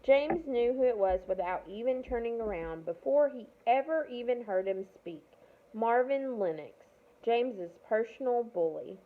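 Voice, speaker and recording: A woman's voice: a little high, expressive, unhurried, slight background noise. A woman reading a children's novel aloud, now and then stumbling and correcting herself. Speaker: reader of a novel. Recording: tinny phone-like audio.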